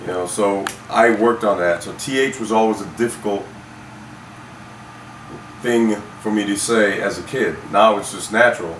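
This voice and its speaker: A man from Saint Croix talking in a relaxed, reflective way, with plenty of fillers and restarts. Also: lowish voice, normal speed. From Saint Croix, US Virgin Islands. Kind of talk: casual conversation. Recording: roomy, from some distance, faint noise.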